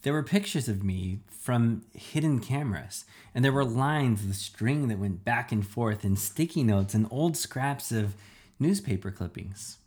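A man's voice: medium pitch, expressive, unhurried, a little mellow. Man narrating a storybook. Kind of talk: first-person storybook narration.

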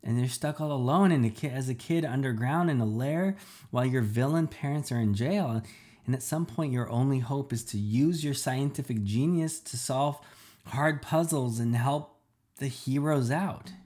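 A man's voice: medium pitch, normal speed, mellow, voice pushed up, close to an everyday voice. A man reading a storybook aloud, voicing a secretive young girl genius who argues insistently. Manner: pressing, argumentative.

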